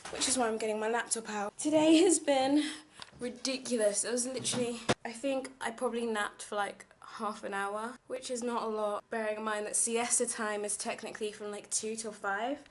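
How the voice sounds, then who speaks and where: A woman's voice: on the high side, steady tone, moderate pace, noisy background. A young woman chatting casually in a vlog, rambling with lots of fillers. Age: young adult. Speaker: vlogger teaching abroad. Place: home kitchen, indoors.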